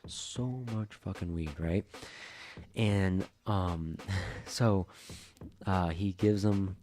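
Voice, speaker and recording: A young man chatting on a podcast, spinning a story in a loose, rambling way with plenty of filler words. His voice sits low and sounds mellow and soft-edged, with a faint hiss behind it. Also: very slow. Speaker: podcast co-host. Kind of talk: casual chat.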